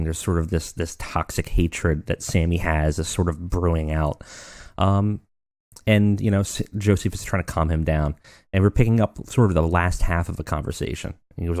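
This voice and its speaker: Male let's-play host; casual, meandering commentary, low voice, dry close recording. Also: dry recording. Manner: relaxed, rambling, filler-heavy narration.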